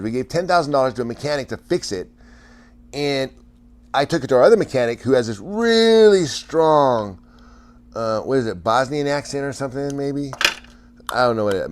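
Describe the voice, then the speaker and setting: Male streamer, mid-pitched, rambling chat full of restarts and chuckles. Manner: rambling, stammers and restarts, laughs often. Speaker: livestream host chatting with viewers. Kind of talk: casual livestream chat.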